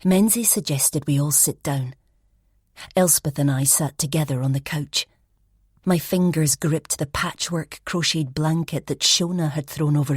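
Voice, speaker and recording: A woman reads a first-person mystery audiobook in a low, husky voice. She narrates softly and reflectively, often sinking toward a whisper. The recording is dry and close to the mic. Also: no echo.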